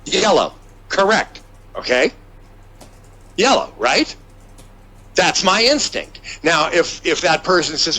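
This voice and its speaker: A bright-toned man with a fairly high, lively voice, teaching a business seminar. He talks emphatically, punching points and checking in with the room. His delivery is animated and upbeat. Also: takes it slowly, long pauses. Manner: energetic, emphatic, checks in with the audience. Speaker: business trainer. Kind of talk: seminar lecture.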